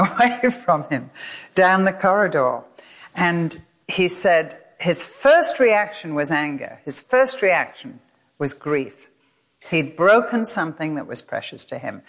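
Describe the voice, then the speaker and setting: An older woman giving a sermon, telling a story with expressive voices for the people in it. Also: deep voice. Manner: expressive storyteller, acts out voices in her stories. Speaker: Bible teacher.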